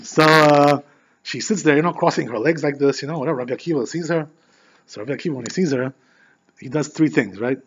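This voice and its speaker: Male rabbi, rapid, chatty sermon storyteller; muffled lo-fi audio. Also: on the high side, breathy edge. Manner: animated, chatty, heavy with filler phrases. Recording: dull lo-fi recording.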